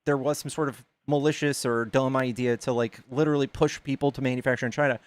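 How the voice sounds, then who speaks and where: A man's voice: medium pitch, steady tone, fast, dry recording. A man hosting a casual debate, arguing his points methodically with frequent fillers. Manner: reasoned, argumentative, many filler likes. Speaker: debate stream host.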